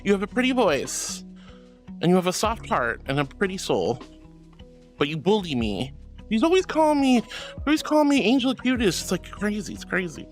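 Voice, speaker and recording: A woman's voice: medium pitch, big pitch swings, normal speed, faint music behind. A woman streamer chatting casually with viewers in a bubbly, giggly, affectionate way. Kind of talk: casual livestream chat.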